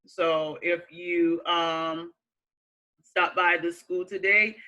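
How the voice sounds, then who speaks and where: A woman teacher giving relaxed class announcements, slow and chatty with some fillers. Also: lowish voice, low-quality recording. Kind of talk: casual remote class announcements.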